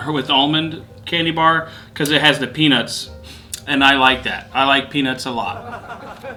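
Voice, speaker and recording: A man's voice: fairly high pitch, pushed and bright. A man co-hosting a family vlog, chatting playfully about candy and laughing often. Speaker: vlog co-host. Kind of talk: casual candy-tasting chat.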